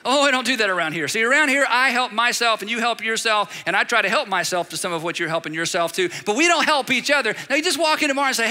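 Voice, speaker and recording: High bright-voiced preaching man. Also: fast talker, few pauses. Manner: animated preaching with repeated phrases and acted quotes. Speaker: pastor. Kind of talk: sermon. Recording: long reverb of a large hall.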